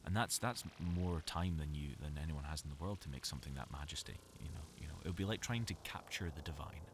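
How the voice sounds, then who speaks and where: A man's voice: very deep voice, quick pace, noisy background. A young Scottish man, a voice actor, rambling about himself in a self-mocking, chatty way while recording in a small cupboard booth. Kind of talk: recorded game dialogue, rambling monologue.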